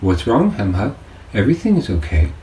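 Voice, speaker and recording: A man reading an audiobook, voicing a gentle, loving woman with a soft, delicate, raised voice. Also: fairly low pitch, big pitch swings, a little fast, slight background noise, voice pushed up. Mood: cheerful. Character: gentle loving woman, fading then young again. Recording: roomy distant-mic home recording.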